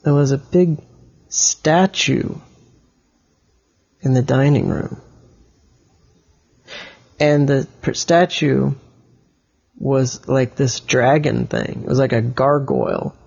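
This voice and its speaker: Man, improvised bedtime storytelling, halting, husky voice, muffled lo-fi recording. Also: medium pitch, darkish tone. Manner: halting, with many restarts and explanations. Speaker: storyteller to a child.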